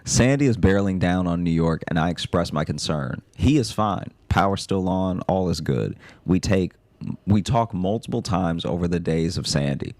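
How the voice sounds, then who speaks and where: Casting: male podcast host, very deep voice, dry comic reading of listener mail, close dead-dry mic. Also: lively intonation, moderate pace, a little mellow, no room sound.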